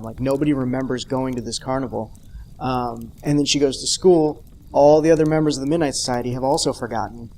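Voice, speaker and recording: A man's voice: medium pitch, darkish tone, slight background noise. A man hosting an unscripted TV episode review, talking in a conversational, rambling way with wry asides. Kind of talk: unscripted casual review monologue.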